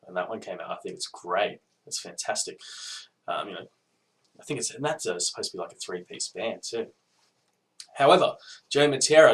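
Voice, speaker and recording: A relaxed Australian man with a fairly low voice, chatting to camera in a casual video response. He rambles in a loose, unhurried way, stopping often for ums and small restarts. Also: low-quality recording. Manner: hesitant, many ums and restarts, laid-back. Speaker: podcast listener giving a video response.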